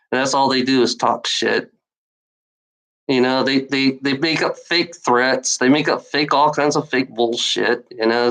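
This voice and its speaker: A woman's voice: extremely low pitch, low-quality recording. A woman streamer ranting at online trolls in a casual, profane, rambling way, full of sarcasm and repeats. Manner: mocking laughs. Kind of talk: casual rant to a live audience.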